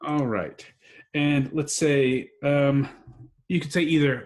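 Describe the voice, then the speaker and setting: An American man teaching English over a video call, gently correcting his student and praising her often. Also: a little high, slow pace. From United States. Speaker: English tutor. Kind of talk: online English lesson.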